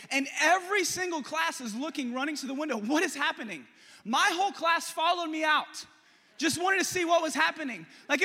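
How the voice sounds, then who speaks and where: A young male pastor telling a story in a lively, joking sermon to his church. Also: extremely high pitch. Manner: animated, jokey, talks to the congregation. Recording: long hall reverb.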